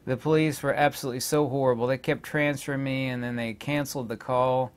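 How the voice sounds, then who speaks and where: Guy venting to his channel, lots of ums, middle-pitched, goes on and on. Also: fairly even intonation, fairly quick, clear, resonant tone. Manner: indignant, hesitant, many filler words. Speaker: channel host. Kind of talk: rambling casual monologue.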